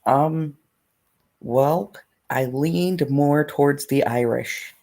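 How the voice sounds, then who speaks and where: Gravelly, grumbling man from New York. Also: fairly high pitch, drawn-out words, dark tone. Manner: grumbling, joking. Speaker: co-host. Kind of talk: casual live-stream chat.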